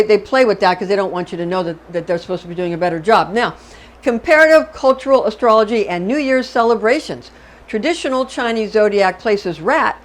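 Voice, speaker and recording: A middle-aged woman hosting an astrology talk, chatty and digressive, often repeating herself and checking in with "okay?". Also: mid-range voice. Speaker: astrology channel host. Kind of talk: unscripted astrology lecture.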